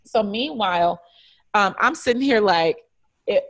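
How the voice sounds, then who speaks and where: Animated storytelling woman from Detroit. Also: medium pitch, unhurried. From Detroit, United States. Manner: animated, acts out dialogue with lively voices. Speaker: franchise regional director, interview guest. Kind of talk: conversational storytelling.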